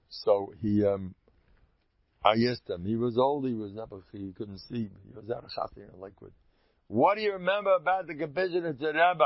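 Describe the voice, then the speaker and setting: A man telling stories in an animated, rambling way, chuckling and restarting his sentences often. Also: mid-range voice, no echo. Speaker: Hasidic storyteller giving a talk. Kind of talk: informal storytelling talk. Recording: dull lo-fi dry recording.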